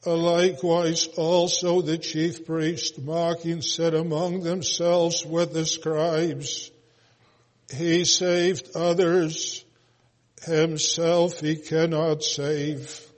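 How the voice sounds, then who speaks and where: Slow-intoning man in a reverberant hall. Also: a little high, little pitch movement. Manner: slow, intoned, almost chanted delivery with occasional filler pauses. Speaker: scripture reader. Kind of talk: solemn scripture reading.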